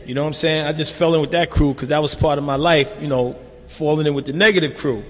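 A man's voice: a little high, fairly even intonation, quick pace, fairly bright tone. An older man giving a recovery testimony in a loose, streetwise, conversational way. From New York. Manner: streetwise, loose and conversational, constant "you know". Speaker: speaker sharing at a recovery meeting. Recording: reverberant hall.

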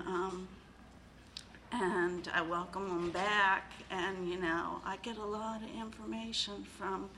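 Middle-aged woman, slow, bright voice, emotional recovery share with many fillers. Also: medium pitch, a little hiss or hum, poor audio. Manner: halting, full of fillers and repeated phrases; emotional, tearful at times. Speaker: recovery meeting speaker. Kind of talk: personal share at a recovery meeting.

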